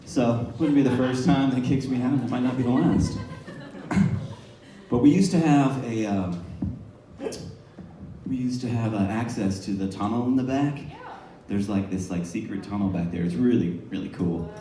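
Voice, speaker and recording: A man's voice: mid-range voice, normal speed, warm tone, a little hiss or hum. A male stand-up comedian telling profane, rambling stories at a bar. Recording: echoey bar from a distance. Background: laughing crowd.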